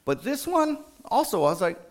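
A man sharing a story in an informal church talk, animated, with many fillers and restarts. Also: sits high, normal speed. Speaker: school district staff sharing a testimony at church.

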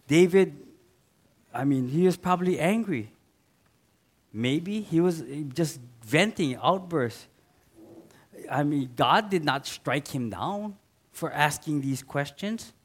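High-voiced, unhurried male preacher. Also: lively intonation. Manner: earnest, rises to loud emphatic readings and drops to soft asides. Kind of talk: sermon.

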